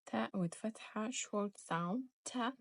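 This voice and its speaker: Very slow, patient woman teacher. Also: mid-range voice, a little mellow, dry recording. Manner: patient, repeats each sound twice. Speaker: Arabic teacher. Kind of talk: slow step-by-step reading lesson.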